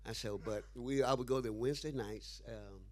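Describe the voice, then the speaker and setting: A man's voice: medium pitch, fairly even intonation, moderate pace, darkish tone. A man being interviewed who tells a story with animation, acting out the dialogue and laughing often. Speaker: interview guest.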